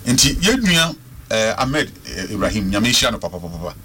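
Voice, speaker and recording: A man's voice: fairly low pitch, very animated, brisk, noisy background. Emphatic Ghanaian man calling in. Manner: emphatic, repeats words for stress. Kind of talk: passionate radio call-in commentary.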